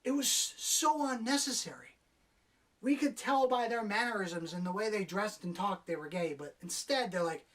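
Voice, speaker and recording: A woman talking through a film review in a sarcastic, profane way, picking apart scenes she found silly. She sits a little back from the microphone, so her voice sounds slightly distant. Her pitch is mid-range for a woman. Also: moderate pace. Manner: sarcastic, profane, acts out characters' lines. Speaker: movie reviewer. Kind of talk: casual spoken film review.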